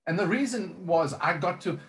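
A man's voice: high-pitched, animated, normal speed, fairly bright tone. A man who is a minister, earnestly telling a personal testimony in conversation, rambling with many fillers and restarts.

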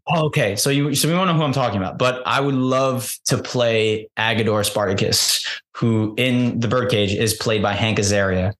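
Actor guy chatting in an interview, slightly low voice, lively, laughs a lot and keeps restarting his sentences. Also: moderate pace, hardly any pauses. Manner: animated and self-deprecating, with frequent laughs and restarts. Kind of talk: casual chat.

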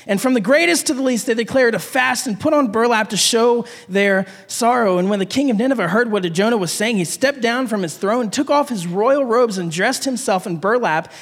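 High-voiced pastor in an echoing hall. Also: male voice, breathy edge. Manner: stumbling, repeats words while reading aloud. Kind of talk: sermon with scripture reading. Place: church hall.

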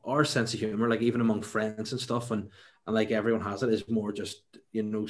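A man's voice: lowish voice, level tone, a little fast. A young man with a Northern Irish accent, a stand-up comedian chatting casually in an interview, rambling with many restarts. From Northern Ireland.

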